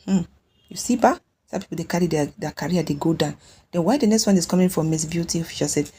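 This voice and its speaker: Nigerian woman with a husky low voice. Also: lively intonation, fast, mellow. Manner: chatty, scolding, mixes Pidgin with English. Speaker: celebrity gossip vlogger. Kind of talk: casual gossip commentary.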